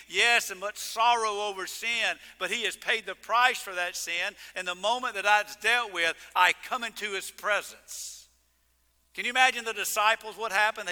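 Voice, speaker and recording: A man preaching in an animated, exclaiming way, trading jokes with the people in the pews. His voice sits high and sounds very bright and sharp. It carries a long reverb, the sound of a big church sanctuary. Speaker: pastor. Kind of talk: sermon. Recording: long reverb of a large hall.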